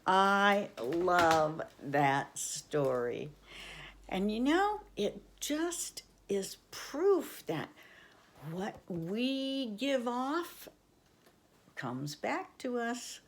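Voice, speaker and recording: Older woman reading stories slowly. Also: mid-range voice. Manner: warm, affectionate, expressive. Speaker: children's story reader. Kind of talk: storybook reading for children.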